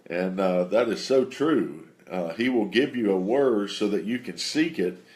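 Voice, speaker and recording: Man, lowish voice, testimony storyteller; unhurried, halting delivery full of fillers. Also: lively intonation, a little mellow. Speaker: preacher telling a testimony. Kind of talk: personal faith testimony.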